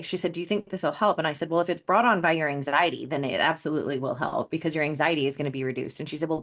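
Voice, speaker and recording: A woman who works as an addictions coach, telling a client story in casual podcast talk and acting out the dialogue with lively energy. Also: low-pitched. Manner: animated, acts out quoted dialogue.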